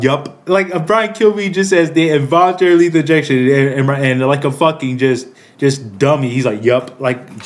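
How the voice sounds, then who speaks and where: A man in his thirties giving heated political commentary, profane, rambling and indignant. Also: on the high side. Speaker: political commentary channel host.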